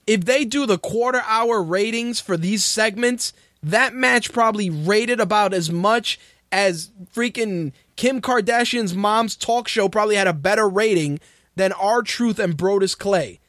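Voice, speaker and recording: A man with a fairly high voice rants through profane, exasperated show commentary. He is recorded dry and close with no room sound around him. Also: a bit bright, no echo. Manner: ranting, exasperated, swears freely. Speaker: radio show host.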